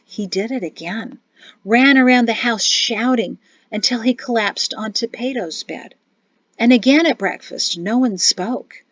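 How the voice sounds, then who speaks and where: A woman narrating an audiobook with an expressive, even storytelling read. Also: a little high, dry recording. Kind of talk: scripted narration. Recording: dull, dry recording.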